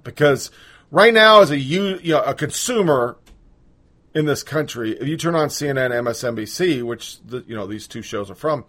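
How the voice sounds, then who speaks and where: A man's voice: medium pitch, fairly bright tone. A man hosting a podcast, ranting bluntly with profanity in casual political commentary. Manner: blunt, profane, opinionated rant. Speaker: podcast host.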